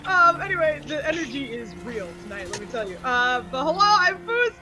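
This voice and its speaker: A woman's voice: high voice, very animated, a little fast, loud music behind the voice. A woman chatting bubbly as a player at a tabletop game. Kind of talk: casual chat at a tabletop game.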